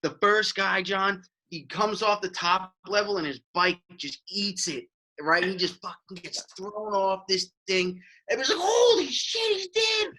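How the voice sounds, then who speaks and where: A man co-hosting a podcast in casual chat, rambling and excitable and swearing casually. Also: sits high, moderate pace, poor audio. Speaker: podcast co-host. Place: studio.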